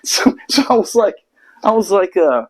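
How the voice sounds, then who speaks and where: Man, casual storytelling, profane, rambling, restarts, slightly higher voice. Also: sing-song, moderate pace, crowd noise, rough recording. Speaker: podcast host telling a story.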